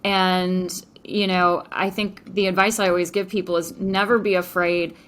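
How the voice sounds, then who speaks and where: A woman's voice: lowish voice, level tone, normal speed, a bit bright. A woman entrepreneur speaking as a podcast guest, enthusiastic and chatty, with frequent fillers. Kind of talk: podcast interview.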